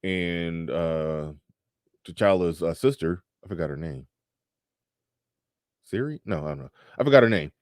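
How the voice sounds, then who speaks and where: Speaking low and at a measured pace with frequent pauses, a man hosts a relaxed livestream, reading viewer super chats aloud and riffing on them. He laughs a lot and leaves thoughts unfinished. The audio is clean studio sound without any room tone.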